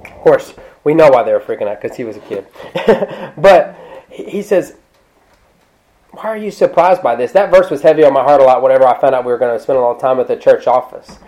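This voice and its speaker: A male pastor preaching a sermon in a conversational, animated way, breaking off into asides and restarting his sentences. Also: medium pitch, fast, poor audio. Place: church.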